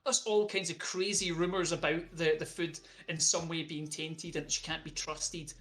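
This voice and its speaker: Bright-voiced tabletop game master. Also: mid-range voice, flat delivery. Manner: quick, laughing asides.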